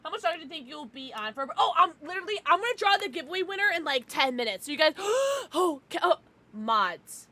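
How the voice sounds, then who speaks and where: A young woman streamer chatting casually with her viewers from a home setup, loud, giggly and profane, her nose stuffed up from crying. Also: very high-pitched, very animated, fairly quick. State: congested from crying. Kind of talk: casual livestream chat.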